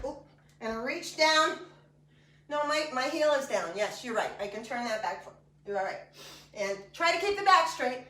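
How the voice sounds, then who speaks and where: High-voiced woman leading an exercise class. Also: fairly bright tone, distant mic. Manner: chatty, encouraging, jokey asides. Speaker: fitness instructor. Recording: echoey room, voice from off-mic.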